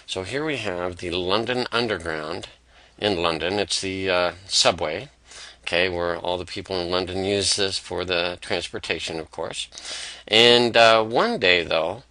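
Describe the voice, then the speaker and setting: Low-voiced man explaining with a story. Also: a little slow, bright, forceful tone, dry recording. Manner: storytelling with fillers, conversational. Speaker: presenter. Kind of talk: explainer pitch.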